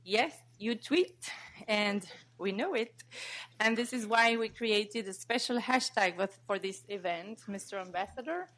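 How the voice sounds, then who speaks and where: A woman's voice: mid-range voice, a bit bright. Woman moderating a panel. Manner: measured, with frequent uh and um fillers. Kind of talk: formal panel introduction. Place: lecture hall event.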